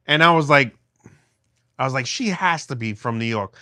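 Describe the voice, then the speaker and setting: A man's voice: mid-range voice, animated, normal speed, pauses often, bright, forceful tone, dry recording, studio quality. A middle-aged man livestreaming from a phone held in his hand at home, chatting with viewers in a rambling way with many restarts. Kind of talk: casual livestream chat with viewers.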